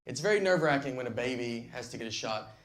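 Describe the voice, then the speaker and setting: A middle-aged man with a Southern US accent doing a stand-up comedy set, telling stories in a dry, deadpan way into a handheld mic on a theater stage. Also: mid-range voice, quick pace, crowd noise. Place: theater stage before a laughing audience. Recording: live hall recording with long reverb and audience noise.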